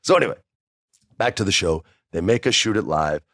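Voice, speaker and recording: Man, low voice, storytelling, does voices, casual chat, dry recording. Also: fairly quick, no room sound. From New Mexico. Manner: animated, acts out voices of others. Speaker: storyteller guest. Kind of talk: casual anecdote telling.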